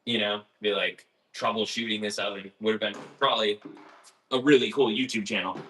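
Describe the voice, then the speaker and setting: A man's voice: lowish voice, fairly even intonation, fairly quick, a bit bright. A man who works as a baker, telling stories casually on a livestream in a rambling, candid way, full of fillers, laughs and the odd swear word. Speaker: baker and video host.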